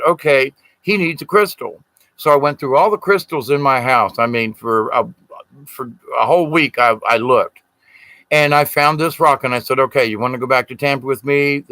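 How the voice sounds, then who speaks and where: A man's voice: mid-range voice, sharp tone, no echo, low-quality recording. A middle-aged man, telling a personal story in an earnest, rambling way. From Southern United States. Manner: rambling, earnest, acts out quoted voices. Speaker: spiritual storyteller. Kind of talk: casual storytelling.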